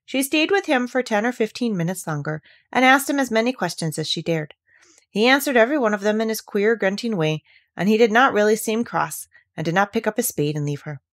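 A woman reading a classic children's novel aloud. Her mid-pitched voice moves with lively, animated swings as she tells the story. The narration is even-paced and expressive. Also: a little fast. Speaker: audiobook reader.

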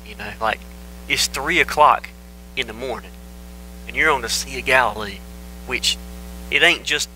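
A man preaches, his voice very bright and ringing. He talks to the congregation in a relaxed, folksy way, cracking jokes and telling the story like a chat. He speaks into a microphone in a church. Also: mid-range voice, a little hiss or hum, poor audio. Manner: folksy, joking, conversational storytelling. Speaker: pastor. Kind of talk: casual folksy sermon. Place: church sanctuary.

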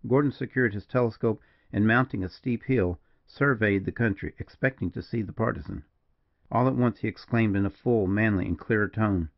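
A male audiobook narrator with a low, gravelly voice reading in a measured, old-fashioned storytelling way. The sound is dry and close, and the recording is dull and lo-fi. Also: dry recording.

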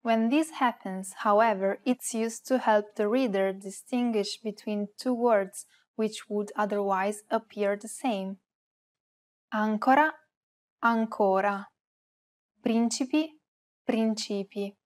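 A woman's voice: mid-range voice, fairly even intonation, a little mellow. Woman co-host reading lesson examples. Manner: careful, deliberate reading of example words. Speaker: co-host giving example words. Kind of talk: scripted lesson narration.

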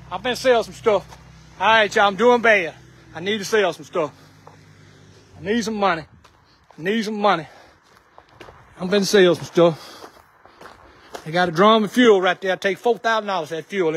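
A man's voice: high-pitched, fairly bright tone, slight background noise. A man talking casually in a vlog outdoors. He calls out short directions and then hawks things for sale in a joking patter. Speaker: vlog host.

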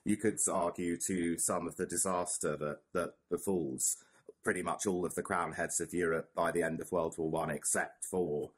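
Husky man chatting about history. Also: low-pitched, steady tone, normal speed. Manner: thoughtful, many fillers and restarts. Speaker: podcast co-host. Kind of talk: casual history chat.

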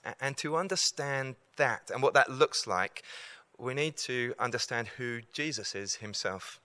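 Bright-voiced man preaching earnestly. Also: mid-range voice, animated, measured pace, no echo. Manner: earnest, repeats key lines for emphasis. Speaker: campus preacher. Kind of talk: evangelistic talk.

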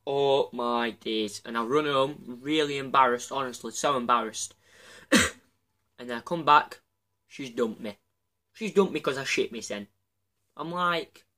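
A man's voice: medium pitch, normal speed, bright, forceful tone. A man with a Yorkshire accent telling embarrassing stories about himself on his channel, rambling and chatty and laughing at himself. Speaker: channel host. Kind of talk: casual confessional storytelling.

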